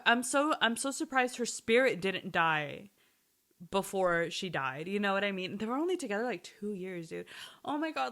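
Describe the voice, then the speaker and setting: Young woman ranting about a show, super animated, cursing constantly, talks in fast bursts. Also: medium pitch. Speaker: TV recap vlogger. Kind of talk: casual chat.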